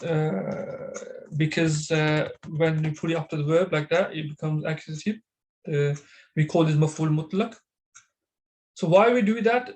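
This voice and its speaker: A man teaching an online Arabic grammar class over a video call, talking haltingly with many fillers and restarts. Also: a little high, darkish tone, poor audio.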